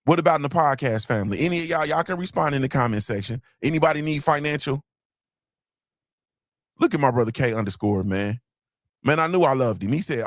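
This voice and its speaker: A man's voice: fairly high pitch, animated, a little fast, no echo, studio quality. A man hosting a motivational podcast livestream, preaching and repeating his points, swearing casually and asking "you feel me". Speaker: podcast host.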